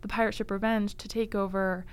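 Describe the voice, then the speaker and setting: A woman's voice: mid-range voice, little pitch movement, brisk, smooth. A young woman casually telling a history story on a library podcast, laughing often and saying like and um a lot. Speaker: library staff guest presenting book picks.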